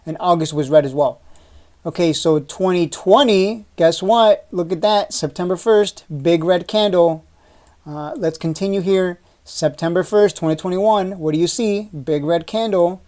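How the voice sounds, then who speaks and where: A man's voice: sits high, unhurried, a little mellow. A man hosting a stock market video, walking through a chart in a casual, urgent way, repeating his points and asking rhetorical questions, with frequent "uh" restarts. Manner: loose, chatty with frequent "uh" restarts.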